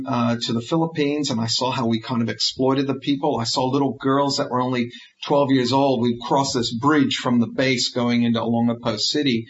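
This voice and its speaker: A middle-aged American man telling his life story frankly and conversationally, with many fillers and restarts. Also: mid-range voice. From United States. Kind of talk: personal storytelling talk. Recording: dull lo-fi recording with faint noise.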